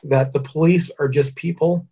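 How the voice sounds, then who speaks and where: A man in a casual podcast conversation who agrees a lot and talks with halting restarts. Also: a little high, fairly even intonation, mellow, husky. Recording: dull lo-fi podcast audio.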